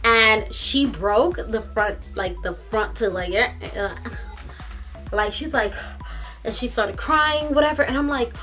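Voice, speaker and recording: A young woman vlogger telling a story in a casual, animated, slangy way from a room in her parents' home. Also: on the high side, measured pace, soft background music.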